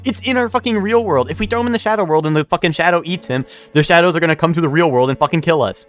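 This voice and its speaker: A man's voice: a little high, rapid-fire, few pauses, fairly bright tone, faint music behind. A man streaming a video game, rambling in casual commentary, swearing often and repeating himself.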